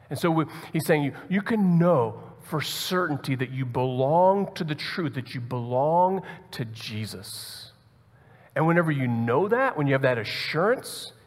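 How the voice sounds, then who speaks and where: A man's voice: on the high side, a bit bright. A man preaching a conversational sermon as pastor, often repeating words as he thinks aloud. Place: church hall. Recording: long hall reverb.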